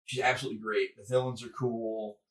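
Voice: medium pitch, level tone, a little fast, crowd noise, rough recording. A podcast co-host chatting casually about video games over a remote call, rambling with many fillers. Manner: rambling, lots of fillers and restarts. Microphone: remote call over Discord.

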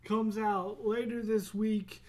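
Male solo podcaster, unhurried delivery, chatty and sidetracked, casual swearing. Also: high voice, little pitch movement, darkish tone. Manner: rambling, easily sidetracked, laughs at himself. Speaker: podcast host.

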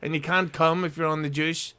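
A man's voice: a little high, little pitch movement, fairly quick, sharp tone, smooth. A man co-hosting a casual podcast over a video call, teasing the others with crude shock humor.

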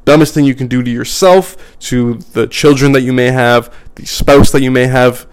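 Smooth-voiced man, blunt podcast monologue. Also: mid-range voice, steady tone, moderate pace. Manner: blunt, profane, emphatic with repetition. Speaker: podcast host. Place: at home.

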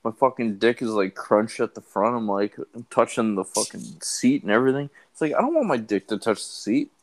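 A man with a slightly low voice in crude, casual chat. He complains about small annoyances, swearing and growing exasperated as he goes. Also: sing-song, fairly quick.

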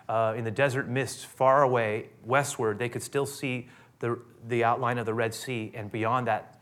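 A man preaching a sermon in a conversational way, often rising into animated, loud outbursts. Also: medium pitch. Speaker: pastor.

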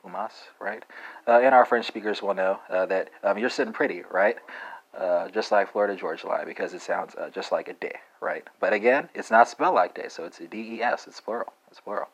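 A man with a deep, low voice and a Texas accent talks through a casual spoken lesson. He speaks haltingly, with many fillers and a habitual "right?" at the end of his points. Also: low-quality recording. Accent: Texan. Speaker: language teacher.

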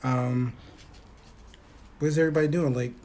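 A man's voice: medium pitch, steady tone, normal speed, a little mellow. A man hosting a casual podcast, loose and joking, laughing often and swearing freely. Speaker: podcast host. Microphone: phone.

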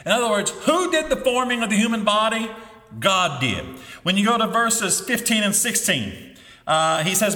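Man preaching, bright voice, echoing hall. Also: high-pitched, lively intonation, moderate pace. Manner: emphatic preaching with rising exclamations. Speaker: pastor. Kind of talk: sermon. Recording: echoey hall with long reverb.

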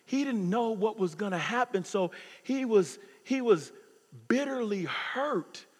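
A man in his fifties preaching a sermon as pastor, swinging from loud preaching to hushed near-whispers. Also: high voice, breathy edge. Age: 50s. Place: church sanctuary. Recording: long hall reverb.

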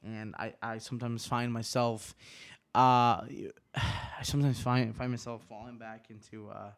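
Young male solo podcaster, twenties, rambling and profane, moody swings from hushed to riled up, dry room. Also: medium pitch, level tone, unhurried, no echo. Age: 20s. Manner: profane, rambling, restarts often; swings between quiet musing and riled-up rants.

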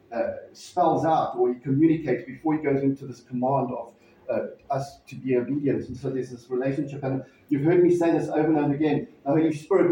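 A pastor telling a personal story in a sermon, conversational and halting, with frequent restarts. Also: male voice, mid-range voice, dark tone, slight background noise. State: emotional, near tears. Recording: distant mic in echoey hall, dull sound.

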